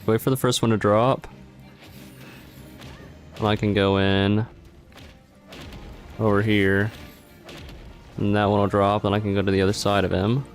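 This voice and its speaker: A sleepy man with a lowish voice talks under his breath while he plays, muttering play-by-play that trails off mid-thought. Faint game music runs behind him. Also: level tone, measured pace, long pauses. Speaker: streamer. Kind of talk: casual gaming livestream commentary.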